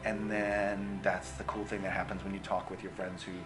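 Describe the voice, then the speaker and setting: A man's voice: deep voice, little pitch movement, moderate pace, over music. A man, a filmmaker in an interview, answering in a reflective way with many restarts. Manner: reflective, full of restarts and fillers. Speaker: filmmaker interviewed about his film.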